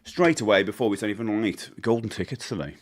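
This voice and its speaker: A man's voice: on the low side, expressive, fast. A British man in his forties chatting on a live stream, rambling with many fillers and greeting viewers as he goes.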